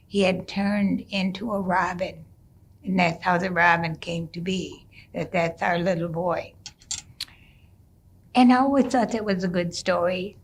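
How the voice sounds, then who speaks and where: A middle-aged woman telling a traditional story casually, unhurried, with gentle hesitations and restarts. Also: on the low side, gravelly, breathy edge. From United States.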